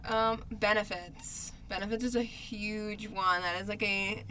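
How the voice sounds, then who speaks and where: A woman co-hosting a casual chat podcast, talking loosely with lots of fillers and quick laughs. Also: medium pitch, steady tone, bright, forceful tone, slight background noise. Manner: chatty, laughs often, many fillers. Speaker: podcast co-host.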